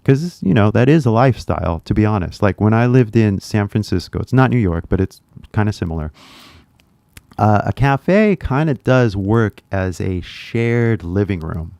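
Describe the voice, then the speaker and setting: A man's voice: lowish voice, lively intonation, normal speed, creaky, a little mellow, dry recording. A young man with an American accent, a YouTuber teaching English, chatting loosely on a livestream from a small sound booth, full of fillers and restarts. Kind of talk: casual livestream chat.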